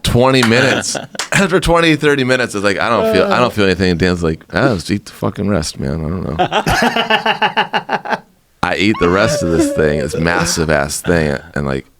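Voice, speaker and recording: A man, a podcast guest, telling a story in casual chat, animated and laughing, swearing and acting out quotes. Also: sits low, normal speed, background noise.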